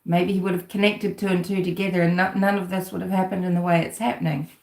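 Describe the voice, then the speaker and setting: A woman's voice: lowish voice, flat delivery, fast talker, a little mellow. A woman giving casual, rambling commentary on a livestream, with a sarcastic edge as she digs into a case. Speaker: true-crime commentator. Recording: roomy echo.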